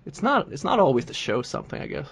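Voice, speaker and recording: Relaxed male podcast host. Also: fairly high pitch, quick pace, breathy edge. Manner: relaxed, laughs often, restarts words. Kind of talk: casual podcast interview.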